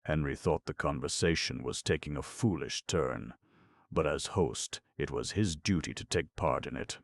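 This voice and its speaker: A man narrating an audiobook in a measured, ironic storytelling manner. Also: a bass voice, no room sound, clean studio sound. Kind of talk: scripted narration.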